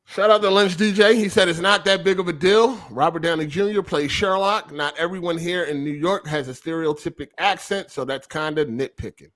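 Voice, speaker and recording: A man's voice: a little high, a little fast, hardly any pauses, a bit bright. A man hosting a casual gaming podcast, reading out viewer comments and arguing his points loosely. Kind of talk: casual chat.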